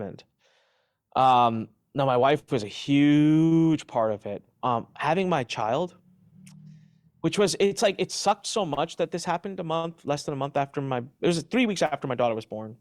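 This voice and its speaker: Middle-aged man, interview guest, animated and emphatic, dry sound. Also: mid-range voice, no room sound. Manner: emphatic, animated retelling with restarts. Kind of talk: candid interview answers.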